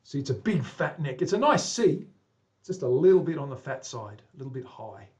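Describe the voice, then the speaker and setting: Speaking briskly with big pitch swings, this Australian man has a mid-range, darkish voice. He's a guitar maker live-streaming a build, chatting to himself and his audience in a woodworking workshop, mumbling with occasional asides. The audio is dull, his voice distant.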